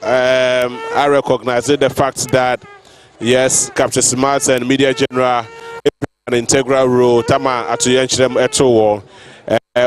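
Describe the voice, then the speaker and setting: A man making halting public remarks at a festival, switching between English and Twi with many fillers. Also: medium pitch, a little hiss or hum. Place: outdoor festival grounds.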